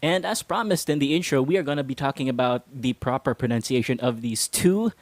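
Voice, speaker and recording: A man's voice: medium pitch, animated, brisk, no room sound. Playful man teaching pronunciation. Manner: playful, chuckles often. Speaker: English pronunciation teacher and host. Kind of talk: casual instructional lesson.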